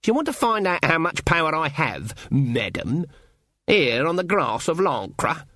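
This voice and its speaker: Man voicing a fierce old witch woman, croaky, raised pitch, slow scornful words, dry close sound. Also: sing-song, a bit bright, no echo, full character voice. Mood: commanding. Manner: defiant, scornful, slow and deliberate. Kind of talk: audiobook character voice.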